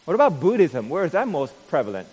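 A man preaching a sermon as pastor, peppering his points with "right?" and swinging from quiet musing to loud, emphatic delivery. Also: on the high side, big pitch swings, fast talker, slightly rough, big-room sound. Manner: frequent tag "right?".

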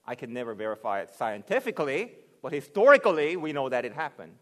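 A man preaching a sermon, reasoning aloud and building to loud, emphatic passages. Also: medium pitch, big pitch swings, fast talker. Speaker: pastor. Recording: long hall reverb.

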